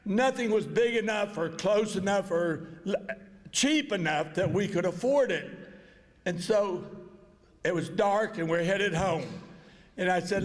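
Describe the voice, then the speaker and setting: High-voiced folksy older man. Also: a little slow, long reverb tail. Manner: folksy, plain-spoken storyteller. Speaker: inductee giving a speech. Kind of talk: storytelling speech at an awards dinner. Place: banquet hall.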